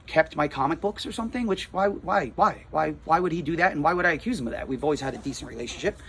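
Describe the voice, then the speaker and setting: A fairly high-voiced, husky man with a New Jersey accent tells a casual vlog story. He rambles and restarts, repeating himself as he recounts an upsetting run-in. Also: a bit bright. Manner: rambling, rattled retelling with frequent restarts. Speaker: comic shop owner.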